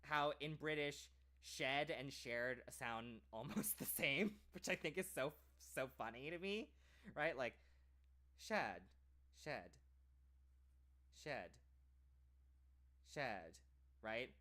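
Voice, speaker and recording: A man's voice: a little high, a little slow, sharp tone. An American man talking in a casual, rambling way, with many "like"s and restarted phrases. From United States. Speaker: streamer.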